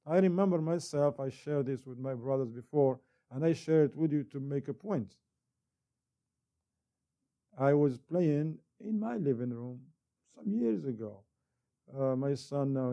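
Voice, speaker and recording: Man preaching with a dark, mellow voice. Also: medium pitch. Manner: animated storytelling with rising emphasis. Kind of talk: sermon.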